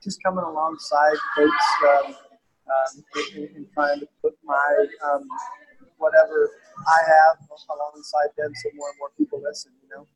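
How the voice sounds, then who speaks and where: A man from East Tennessee, a guest in an interview, talking earnestly and haltingly with many restarts. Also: a little high, level tone, rough recording. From East Tennessee, USA. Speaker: guest author. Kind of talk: casual conversational interview.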